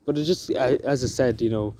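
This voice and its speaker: A man talking to camera outdoors in the countryside, halting and emotional, with many fillers and restarts. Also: medium pitch. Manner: soft-spoken and emotional. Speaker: vlogger. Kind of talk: emotional outdoor vlog talk. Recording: outdoor noise in the background.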